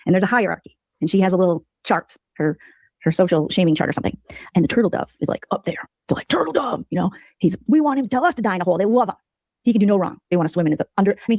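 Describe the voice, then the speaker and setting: Recorded dry, a mid-range female voice mocks and gossips as a streamer, narrating the tale in a lively, sarcastic way.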